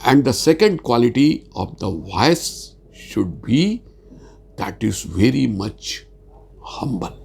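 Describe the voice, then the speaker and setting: Gravelly-voiced man giving a halting lecture. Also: medium pitch, sing-song, darkish tone. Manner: halting, repeats words, earnest; speaks slowly with many fillers. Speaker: sales communication trainer. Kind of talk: informal spoken lecture.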